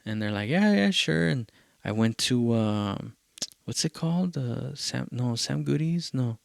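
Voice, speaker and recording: A man's voice: medium pitch, unhurried, vocal fry, a little mellow, no room sound, studio quality. A male podcast host, telling a loose, profane story in a casual rambling way and dropping in Spanish phrases.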